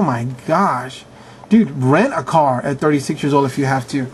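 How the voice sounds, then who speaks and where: A man's voice: medium pitch, normal speed, a little hiss or hum. Chatty man reacting with mock outrage. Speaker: video host reading answers. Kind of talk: casual commentary reading aloud.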